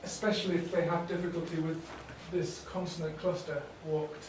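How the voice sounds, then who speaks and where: A man leading a teacher workshop, explaining teaching ideas in a relaxed way with fillers and restarts. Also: a little high, brisk, noisy background. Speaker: workshop trainer. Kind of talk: teacher training talk. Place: workshop room. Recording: echoey room, distant mic.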